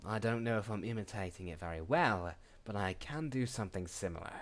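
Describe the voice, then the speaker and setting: A man's voice: fairly low pitch, lively intonation, brisk. A man who voices characters, chatting casually on a live stream and thinking aloud as he goes. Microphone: desk microphone.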